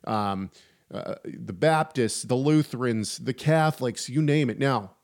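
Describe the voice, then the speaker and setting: Chatty animated male podcast co-host. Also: medium pitch, a little slow, vocal fry. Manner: animated, chatty, frequent restarts. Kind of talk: casual chat on faith.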